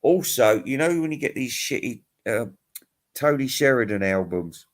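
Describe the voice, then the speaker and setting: A man's voice: medium pitch, expressive, normal speed. A middle-aged man in a casual, rambling monologue. He sounds tired, swears freely, rants and chuckles as he goes. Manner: profane, ranting, chuckling. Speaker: music vlogger.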